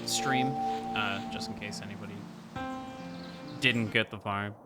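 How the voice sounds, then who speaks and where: Low-voiced man musing through a game. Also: normal speed, over music. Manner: relaxed, musing, talks while playing. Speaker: streamer. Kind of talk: casual gameplay commentary. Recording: noticeable background noise.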